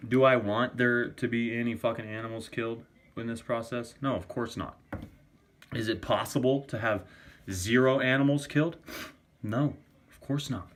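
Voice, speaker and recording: A man's voice: mid-range voice, fairly even intonation, normal speed, slight background noise. A man ranting in a casual vlog, arguing for a vegan diet, swearing often and repeating himself. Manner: profane, argumentative, repetitive. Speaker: vegan vlogger.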